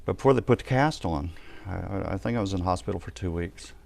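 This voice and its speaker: Here a man recounts his personal testimony during a ministry live stream, bringing the story to life by performing the shouts and reactions of those in it. He speaks quickly in a low voice with noticeable vocal fry.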